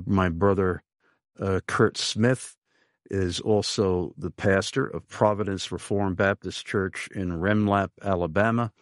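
A man hosting a radio interview show, speaking in an earnest, halting way with frequent pauses. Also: fairly low pitch, no room sound, studio quality. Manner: slow, earnest, halting with many uhs.

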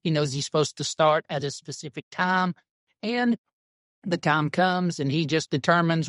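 A man's voice: a little high, normal speed, a bit bright, no echo. A man, a pastor telling stories and chatting in a folksy, informal drawl. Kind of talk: casual podcast chat about church.

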